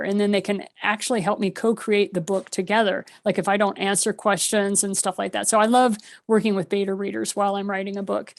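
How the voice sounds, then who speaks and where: A middle-aged woman, a guest on a video call, telling personal stories with lots of laughter and acting out her own thoughts. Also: mid-range voice. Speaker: guest, spiritual author. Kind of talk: conversational storytelling.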